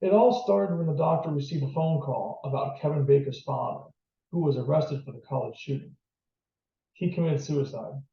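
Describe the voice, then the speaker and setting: A man's voice: a little high, moderate pace, vocal fry. A man voicing a skeptical middle-aged nurse. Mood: recounting. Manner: sharp and incredulous. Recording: distant, roomy, dull lo-fi.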